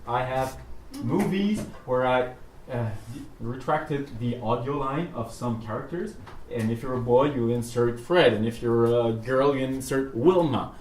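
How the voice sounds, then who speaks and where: A man whose first language is French speaks as a university French professor, lively and full of fillers. His voice sits at an ordinary middle pitch. He sounds set back from the mic in an echoey room, with a faint hiss behind. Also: recorded from a distance. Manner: animated, storytelling, hesitant fillers. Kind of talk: interview talk on stage.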